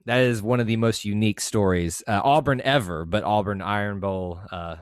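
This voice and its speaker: A man hosting an interview, reacting to his guest in relaxed, casual chat. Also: fairly low pitch, moderate pace, clean tone. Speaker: podcast host.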